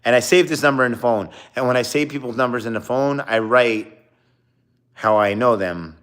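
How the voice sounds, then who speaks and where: A man's voice: mid-range voice, normal speed, a bit bright. A young man casually telling a long anecdote, rambling with many fillers and acting out quoted dialogue. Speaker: streamer. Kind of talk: casual storytelling.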